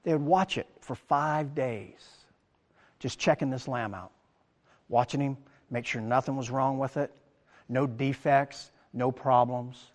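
Man, pastor, animated sermon, quoting the crowd, reverberant hall. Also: mid-range voice, unhurried. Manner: animated preaching, acts out quoted crowd lines.

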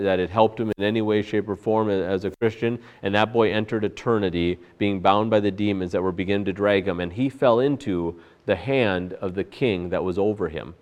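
A man preaching a sermon in an earnest way, with frequent fillers and restarts. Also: fairly low pitch. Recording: long hall reverb.

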